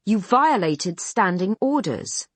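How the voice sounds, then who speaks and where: A woman's voice: medium pitch, big pitch swings, slow pace, breathy edge, no echo, pitched above the performer's own voice, exaggerated voice. A woman voicing a stern male army colonel who speaks in clipped commands.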